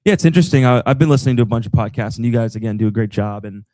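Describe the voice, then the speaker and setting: A young man from the Boston area with no Boston accent, a team TV analyst telling stories and breaking down basketball as a guest on a live podcast, animated and quick with asides. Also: medium pitch, no room sound. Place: live show with audience.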